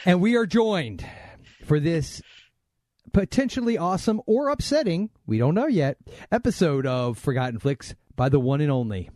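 A man's voice: on the high side, big pitch swings, normal speed, darkish tone, dry recording, studio quality. A man hosting a podcast, joking and rambling as he teases his guests. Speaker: podcast host. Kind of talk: casual podcast banter.

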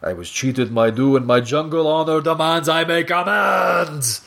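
A man's voice: a little high, measured pace, creaky, fairly bright tone, voice pushed up. A man voicing a proud, theatrical male hunter villain who speaks in a grandiose way. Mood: boastful. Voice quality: grandiose, boastful manner.

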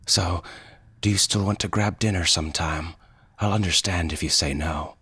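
A man playing a calm, wry inventor who lives in power armor, for an audio story. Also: sits low, normal speed, breathy edge, dry recording, exaggerated voice. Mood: earnest. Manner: calm and even, quietly wry.

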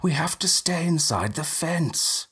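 A man voicing a morose, complaining young male ghoul in a raised, breathy voice. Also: fairly high pitch, expressive, measured pace, fairly bright tone, pitched above the performer's own voice, full character voice. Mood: gloomy. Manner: complaining, gloomy.

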